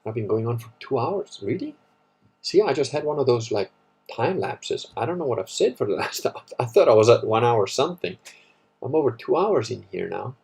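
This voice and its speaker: Husky man rambling. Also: mid-range voice, sing-song, moderate pace, darkish tone. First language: Italian. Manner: rambling, profane, wry. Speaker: livestream host. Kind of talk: casual livestream chat reading comments.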